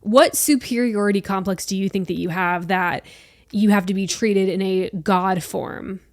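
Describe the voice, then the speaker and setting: A woman's voice: medium pitch, steady tone, normal speed, dry recording, studio quality. A young adult woman hosting a solo podcast, talking bluntly and emphatically and swearing freely. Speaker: podcast host.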